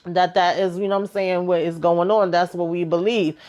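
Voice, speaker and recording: A woman's voice: lowish voice, steady tone, brisk, a little mellow. A woman giving a casual, colloquial recap of a TV episode, chatty and telling it like a story. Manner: chatty, colloquial storytelling, acting out characters' lines. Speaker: TV recap vlogger.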